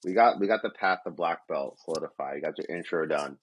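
A man's voice: extremely low pitch, quick pace, breathy edge, no room sound. A young man hosting a casual podcast, rambling and profane. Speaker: podcast host.

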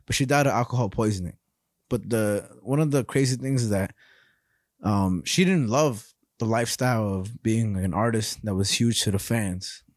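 A man's voice: fairly low pitch, moderate pace, dry recording, studio quality. A young man co-hosting a podcast, telling rambling stories in a casual, profane way. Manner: rambling, profane, animated storytelling. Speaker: podcast co-host.

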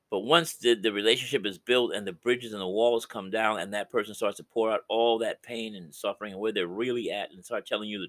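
Middle-aged male podcast preacher, low and forceful, impassioned, loud-to-hushed swings. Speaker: podcast host and Christian counselor. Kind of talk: preaching-style podcast talk.

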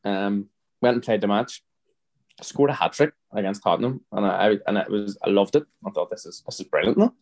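Here the voice is fairly low, fairly quick, expressive and gravelly, with a slightly mellow edge. It belongs to a Northern Irish man in his thirties who, as a podcast guest, rambles through a long story, restarting often and acting out others' dialogue.

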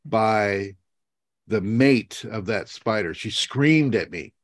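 A lower-pitched man answers questions on a video call, drifting into stories with many ums and self-mocking laughs. His voice sounds dry, with no room echo at all. He keeps an informal, teacherly tone. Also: animated, slow. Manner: meandering, laughs at himself, many fillers.

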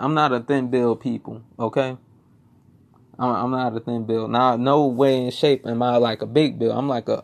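Gravelly young man telling a story. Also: medium pitch. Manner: swearing, rambling, repeats himself. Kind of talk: casual personal storytelling.

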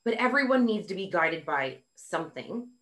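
A woman's voice: lowish voice, very animated, moderate pace, a bit bright. A woman hosting a podcast interview, gushing and effusive, with a mixed Montana, Canadian and Midwestern accent. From North America. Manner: gushing, effusive, lots of exclamations. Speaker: podcast host.

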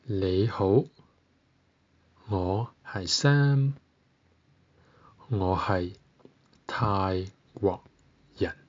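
A man from Britain teaching a beginner language lesson, saying each word slowly and pausing long for the listener to repeat. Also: low voice, lo-fi sound. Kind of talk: slow, deliberate language lesson.

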